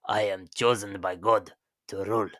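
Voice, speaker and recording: A man voicing a pompous male tsar in a deliberately bad fake Russian accent, declaring things stiffly and grandly. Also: on the low side, fairly even intonation, fairly bright tone, close to an everyday voice. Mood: grandiose.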